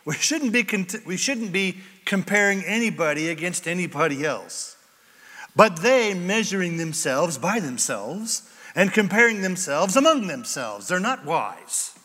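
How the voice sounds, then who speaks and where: Male pastor, high lively voice, bright tone, jokey sermon delivery. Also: unhurried. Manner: animated, jokey, acts out quoted voices. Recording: echoey hall.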